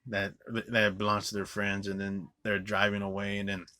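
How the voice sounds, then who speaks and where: A man's voice: lowish voice, completely flat delivery, moderate pace, pushed and bright. A man giving a profane, rambling movie review, scornful and full of "like" fillers and restarts. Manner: swears often, scornful.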